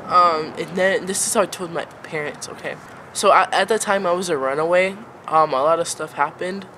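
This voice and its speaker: With a noisy background behind her, a late-teen girl with a fairly low pitch tells a casual storytime vlog at a normal pace. It's rambling and filler-heavy, with "like" popping up constantly alongside "um."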